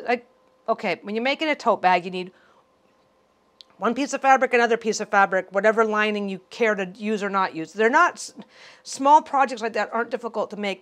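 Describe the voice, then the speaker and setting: Woman with a higher voice rambling excitedly thru a quilting how-to, keeps repeating herself. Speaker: quilting channel host. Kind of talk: casual sewing tutorial.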